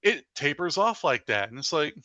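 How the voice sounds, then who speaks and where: A paranormal investigator appearing as a podcast guest tells stories in a casual interview, animated and leaning heavily on "like." His fairly high voice has a forceful, bright edge and a normal speed, and the sound is dry and close with no echo or room around it.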